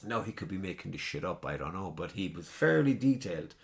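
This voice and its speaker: Gravelly Irish man, swinging pitch. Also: big pitch swings, brisk. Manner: rambling, profane storytelling. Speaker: podcast host. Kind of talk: casual chat.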